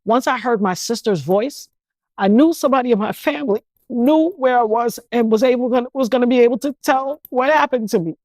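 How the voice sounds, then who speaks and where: A middle-aged woman from New York, an interview guest telling her own story in an animated, indignant way and slipping into other people's voices. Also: fairly high pitch, fairly quick, dry recording. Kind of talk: emotional first-person storytelling.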